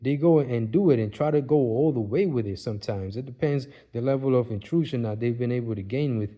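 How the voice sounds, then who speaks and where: A man's voice: mid-range voice, brisk, dull audio. A man talking in a casual, rambling monologue, repeating himself and often asking if the listener follows. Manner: rambling, repetitive, keeps asking "you see what I mean". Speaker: vlogger.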